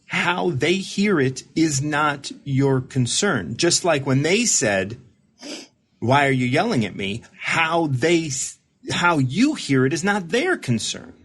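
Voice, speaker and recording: Male recovery mentor, husky, conversational, reflective, stumbles and repeats as he explains. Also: fairly high pitch, big pitch swings, slow, a bit bright. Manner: repeats and restarts words while explaining. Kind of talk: casual reflective talk with a caller.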